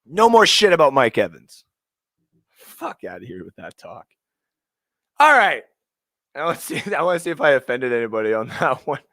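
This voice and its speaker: A profane, heated man hosting a fantasy football talk stream, his voice sitting a bit high for a man. He flips between angry rants and quick start-or-sit advice, with the sound close and dry. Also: a bit bright, no echo. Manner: profane, emotional ranting. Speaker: fantasy football show host. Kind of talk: live sports talk stream.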